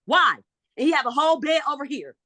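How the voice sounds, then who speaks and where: A frustrated woman pleads her case in a court hearing, calling in over video from her home. Her voice sits a little high and cuts bright and sharp. The sound is close and dry. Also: animated, fast talker, dry recording. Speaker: mother in a guardianship hearing. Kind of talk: emotional court testimony.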